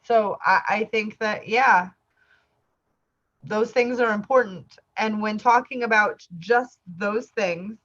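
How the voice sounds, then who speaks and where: A woman's voice: mid-range voice, slow pace, a bit bright, dull audio. A woman co-hosting a casual podcast, telling a rambling, conversational story. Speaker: podcast co-host.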